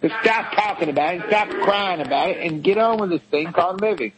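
A man's voice: high voice, fairly quick, crowd noise, poor audio. A man on a talk show, lecturing and scolding in a blunt, profane, emphatic way. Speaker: co-host. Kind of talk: blunt tough-love talk show rant.

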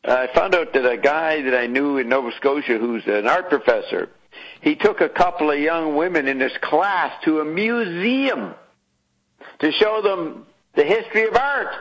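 A man co-hosting a talk radio show, telling animated stories and swearing freely. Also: a little high, moderate pace. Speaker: radio co-host. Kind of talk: casual talk radio storytelling. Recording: dull lo-fi radio sound.

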